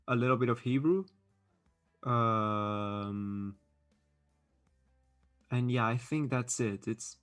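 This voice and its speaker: A man's voice: mid-range voice, fairly bright tone. A man hosting a live stream, reading chat aloud and chatting casually; English is not his first language, and he talks with many fillers and restarts. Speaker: livestream host reading chat.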